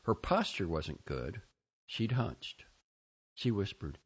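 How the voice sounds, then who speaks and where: A man reading a first-person story aloud, expressive and shifting between quiet and louder lines. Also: fairly low pitch, takes it slowly, husky, lo-fi sound. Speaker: audiobook narrator. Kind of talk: scripted first-person narration.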